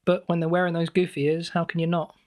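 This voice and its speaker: A man's voice: a little high, level tone, fast talker, darkish tone. Playful faux-earnest comedy podcast man. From southwest England. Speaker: podcast co-host. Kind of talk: improvised comedy podcast banter.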